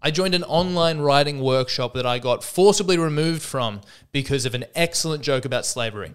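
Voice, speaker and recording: A man's voice: on the high side, fairly quick, clean tone. A man hosting a solo comedy podcast, talking in a wry, self-mocking way and acting out the voices in his jokes. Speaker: podcast host.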